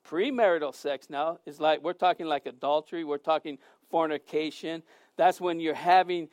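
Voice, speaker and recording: A man's voice: sits high, no echo. A man preaching a sermon, earnest and emphatic, often repeating words as he goes.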